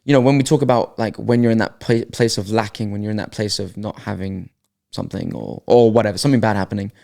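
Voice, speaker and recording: A man's voice: fairly low pitch, fast talker, vocal fry, darkish tone. A man co-hosting a podcast, talking casually and thinking aloud with hesitant restarts. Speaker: podcast co-host. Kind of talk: casual reflective chat.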